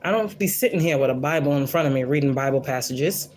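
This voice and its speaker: A woman's voice: rumbling low, quick pace, darkish tone. A woman hosting a casual spiritual livestream, talking in a blunt, profane, preachy and defiant way, often repeating lines for emphasis. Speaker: spiritual reader and livestream host.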